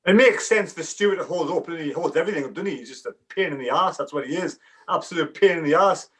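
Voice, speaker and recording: A man's voice: on the high side, fast talker, slightly rough. A man on a live fan panel, ranting bluntly and swearing. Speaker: panel guest. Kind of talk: casual live panel chat.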